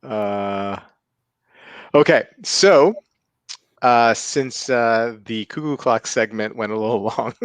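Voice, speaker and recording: A man's voice: mid-range voice, slow, long pauses, clear, resonant tone, dry recording. Man hosting a casual livestream. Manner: greets chat viewers by name, chuckles often. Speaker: livestream host.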